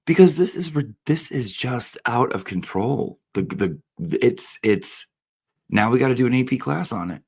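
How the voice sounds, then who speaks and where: Campy man hosting a slow comic rant. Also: on the low side, animated, darkish tone, breathy edge. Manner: campy, punning, talks to his audience like a teacher. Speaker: comedy host. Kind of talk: comic monologue.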